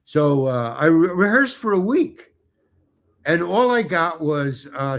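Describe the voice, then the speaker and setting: A man's voice: fairly high pitch, slow pace. An older man, a guest actor, telling rambling anecdotes with restarts and acted-out quotes. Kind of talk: anecdotal storytelling.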